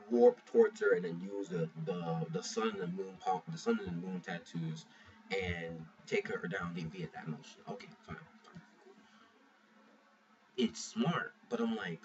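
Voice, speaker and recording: A man's voice: deep voice, big pitch swings, a little slow. A man casually reviewing a manga chapter, rambling, swearing freely and restarting his sentences. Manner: rambling, profane, restarts a lot. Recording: muffled lo-fi mic from a distance, faint hiss.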